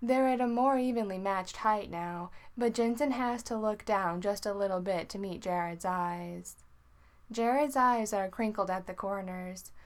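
A woman reading a story aloud in an unhurried, informal way. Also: mid-range voice. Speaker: narrator.

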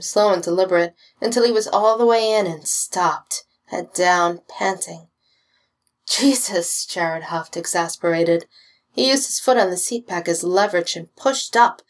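Woman reading a story aloud. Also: mid-range voice. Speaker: reader. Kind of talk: reading fan fiction aloud.

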